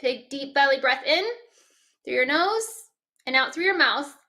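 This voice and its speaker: A woman's voice: high voice, a little slow, pushed and bright. A woman giving a motivational workshop talk, coaching listeners through breathing and self-talk exercises. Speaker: workshop presenter.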